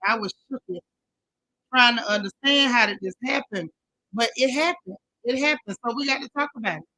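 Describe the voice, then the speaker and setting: A woman's voice: on the high side, a little fast, pushed and bright, low-quality recording. A woman hosting a casual live stream, chatting with viewers and greeting each one by name in folksy slang.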